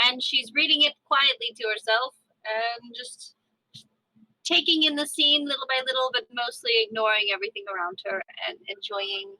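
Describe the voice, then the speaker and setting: A woman calmly describing her character at a tabletop game. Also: fairly high pitch, normal speed, no room sound, rough recording. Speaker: player.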